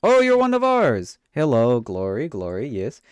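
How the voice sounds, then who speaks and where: A man's voice: medium pitch, huge pitch swings, measured pace, clear, resonant tone, dry recording, studio quality. A man streaming a game, joking in a mock-official inspector voice with a put-on accent and swearing. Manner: puts on a mock foreign accent. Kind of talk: comedic let's play commentary.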